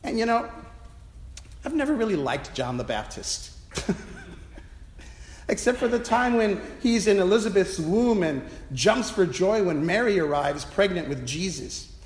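Male priest, self-deprecating storyteller, a little high, echoey sanctuary. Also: animated, measured pace. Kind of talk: sermon told as a personal story. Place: church. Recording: echoey church with long reverb.

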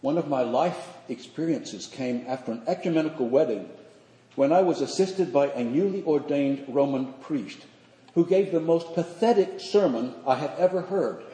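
An older man, a priest, preaching a sermon in measured, earnest phrases with slow emphatic pauses. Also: a little high, mellow. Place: church sanctuary. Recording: echoey church hall.

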